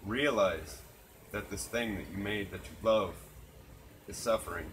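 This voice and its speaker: A man talks in an earnest, reflective way, dropping swear words casually. His voice sits on the low side. Crickets chirp loudly around him outdoors at night. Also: unhurried, slight background noise, low-quality recording. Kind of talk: casual chat.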